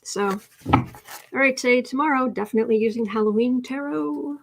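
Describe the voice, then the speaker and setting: A woman hosting a casual tarot livestream, chatting with viewers, reading their comments aloud and cooing softly to her cat. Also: on the high side, moderate pace, gravelly, slight background noise. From United States. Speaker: tarot reader and livestream host.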